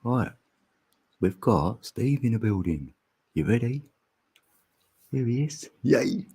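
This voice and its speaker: Hosting a casual livestream chat, this man jokes, rambles, and laughs often, sometimes loosely singing along. His voice is medium in pitch, mellow and husky, slow, with lively intonation.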